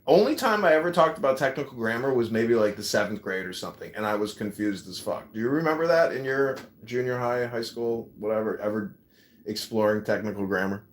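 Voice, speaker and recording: A man hosting a podcast in casual chat, rambling and swearing, with loud bursts of laughter. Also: medium pitch. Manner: profane, rambling, laughs loudly. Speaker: podcast host.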